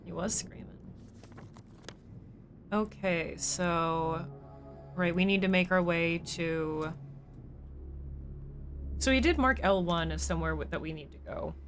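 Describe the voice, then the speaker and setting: A woman's voice: lowish voice, takes it slowly, pauses often, soft background music. A woman streamer giving casual live commentary as she plays a game, chatty and joking as she thinks aloud.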